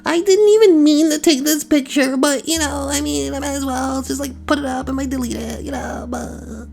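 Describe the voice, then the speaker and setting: A man's voice: very high voice, normal speed, gravelly, a little mellow, a little hiss or hum, pitched above the performer's own voice. A man putting on the voice of a whiny, attention-seeking young woman who fishes for sympathy online, in a fake-sad, needy tone. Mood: mock-sad whiny.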